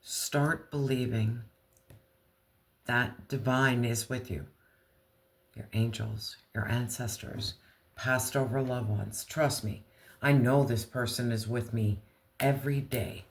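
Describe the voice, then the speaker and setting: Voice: medium pitch, steady tone. A tarot reader giving a casual reading, talking straight to the viewer in blunt slang and swearing freely. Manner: speaks slowly, talks straight to viewer.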